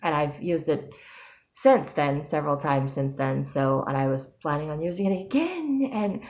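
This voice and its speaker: A woman's voice: low-pitched, animated, normal speed, a little mellow. A young adult woman talking casually in a personal vlog, rambling with frequent ums and restarts. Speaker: vlogger.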